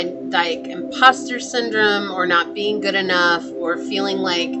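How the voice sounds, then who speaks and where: Woman, tarot reader, chatty, reassuring, mid-range voice, clear music under the voice. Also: medium pitch. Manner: chatty, reassuring, with fillers and restarts. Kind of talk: casual spoken tarot reading. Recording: music playing behind the voice.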